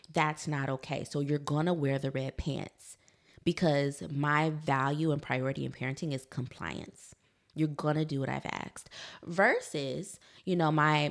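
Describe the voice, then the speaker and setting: Low, gravelly woman podcast host. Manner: conversational, laughs easily, addresses listeners as y'all. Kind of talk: solo podcast talk.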